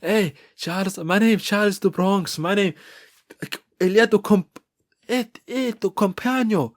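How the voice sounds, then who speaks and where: A man's voice: high voice, a little slow, pitched above the performer's own voice. A man imitating a boastful male fighter in a mock Portuguese accent, speaking broken English mixed with garbled Portuguese. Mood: playful boasting.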